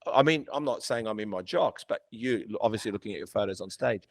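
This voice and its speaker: A man hosting a podcast in casual chat, blunt, swearing and animated as he tells stories. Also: on the low side, quick pace, no echo. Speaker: podcast host.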